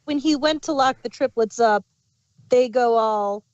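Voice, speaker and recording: A woman co-hosts a casual review chat and chimes in with quick jokes. Her voice is fairly high. The recording is dry and slightly dull. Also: darkish tone, no room sound. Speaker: podcast co-host.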